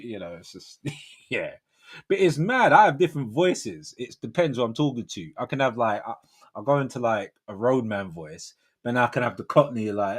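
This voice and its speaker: A man in his forties hosts a livestream, his mid-range voice sing-song and slightly rough at a moderate pace. He chats casually in slangy, rambling talk, laughing often.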